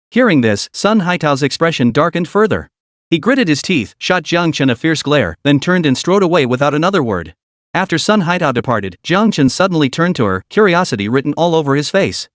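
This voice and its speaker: A man narrating a comic-drama story recap in a steady, scripted way. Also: a little high, brisk, dry recording, studio quality.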